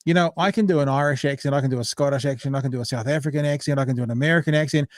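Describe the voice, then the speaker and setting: A man's voice: mid-range voice, rapid-fire, no room sound, clean studio sound. A man co-hosting a casual podcast chat, rambling and joking, often breaking off mid-sentence. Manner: rambling, self-interrupting, loose and joking. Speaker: podcast co-host.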